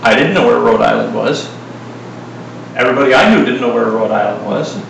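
A middle-aged man preaching a sermon in a casual, joking style, full of asides and lively retellings. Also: mid-range voice, brisk, vocal fry, heavy reverb, distant mic, slight background noise, poor audio.

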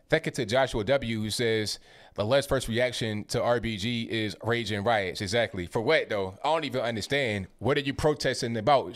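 A man's voice: mid-range voice, a bit bright. Male livestream host, casual commentary, reads comments then reacts bluntly, conversational slang, repeated words.

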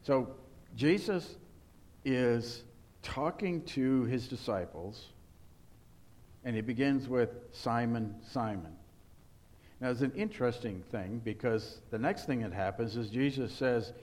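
A man's voice: medium pitch, takes it slowly, a little mellow. Man preaching an earnest sermon. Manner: earnest, rhetorical questions to the congregation. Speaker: pastor.

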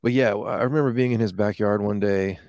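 A man's voice: on the low side, steady tone, fast talker, a little mellow, dry recording. A man in casual chat, telling a rambling, profane story with lots of fillers.

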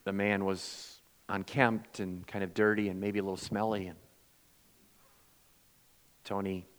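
A male pastor delivering a sermon, swinging from loud, emphatic lines to hushed, quiet ones, and acting out the voices in his stories. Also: on the low side, level tone, a little slow, in a large hall. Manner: acts out quoted voices in storytelling.

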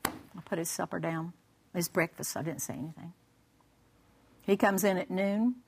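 A guest speaker on a Christian broadcast, a woman with a lowish, gravelly voice, delivers a humorous personal testimony at a moderate pace. She tells it vividly, acting out the dialogue and laughing while telling it, against a noisy background.

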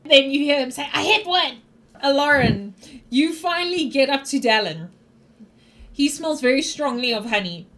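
A woman's voice: sits high, lively intonation, normal speed, a bit bright, a little hiss or hum. A woman narrating as game master in a tabletop game, loose and giggly, rambling through descriptions.

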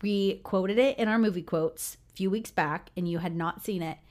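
A woman's voice: medium pitch, normal speed, darkish tone. Chatty woman co-hosting a podcast. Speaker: podcast co-host. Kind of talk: casual chat.

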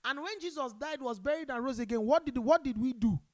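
A Nigerian woman preaching a sermon, calling on the congregation to respond and swinging between loud emphasis and quiet asides. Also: high-pitched, fairly quick. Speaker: pastor.

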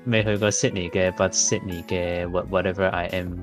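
A man's voice: low-pitched, little pitch movement, moderate pace, faint music behind. A man co-hosting a podcast, playful and jokey in casual chat. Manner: playful, jokey mock Australian exclamations. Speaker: podcast co-host.

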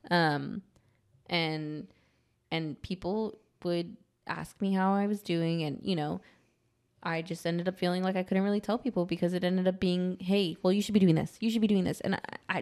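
A woman's voice: lowish voice, steady tone, a little mellow. Candid laughing woman podcaster. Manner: candid, laughing, quick repeated phrases with frequent "right?". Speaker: podcast co-host. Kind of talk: casual chat.

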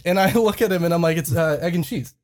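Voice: mid-range voice, fast talker, a little mellow. A young adult telling a story casually on a podcast, swearing often and laughing through it.

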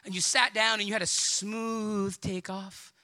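High, bright-voiced preacher man. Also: measured pace. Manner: animated, acts out quoted voices, builds to shouts. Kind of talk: sermon.

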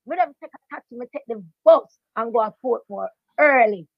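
An older Jamaican woman, a veteran dancehall DJ, telling her story in a lively patois interview with emphatic repetition. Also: fairly high pitch, a little fast, no echo. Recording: dry, dull lo-fi sound.

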